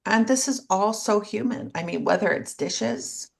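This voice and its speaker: Her mid-range voice is creaky and a bit slow. As a podcast co-host in a casual chat, she opens up about herself, poking fun at herself with dry sarcasm.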